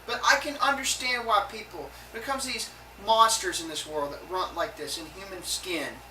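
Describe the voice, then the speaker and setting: The rough recording, with a bit of hiss or hum, captures a woman's sharp, mid-range voice as she rants angrily to camera. She is a video blogger, swearing heatedly, tripping over her words and starting sentences over repeatedly.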